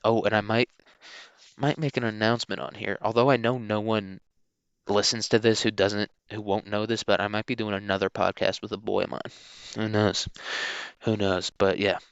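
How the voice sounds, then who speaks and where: A young man hosting a solo podcast, rambling crudely and filling every pause with dude and like. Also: fairly low pitch, level tone, creaky, smooth, no room sound, dull audio. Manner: rambling, crude, filler-heavy, keeps saying dude. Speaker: podcast host.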